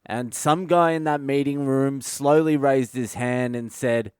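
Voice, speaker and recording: Comic, sweary sardonic monologue, smooth voice, dry close mic. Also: male voice, medium pitch, steady tone, a little slow, hardly any pauses, a little mellow, no echo. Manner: profane, ranting, sardonic. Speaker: comedian podcast host. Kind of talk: solo comedic monologue.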